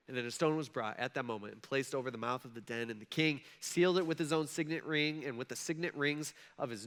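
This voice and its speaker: A pastor giving a casual, conversational sermon, acting out scripture characters in quoted dialogue. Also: male voice, on the high side, fairly bright tone. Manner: conversational, acts out the king and Daniel in quoted dialogue.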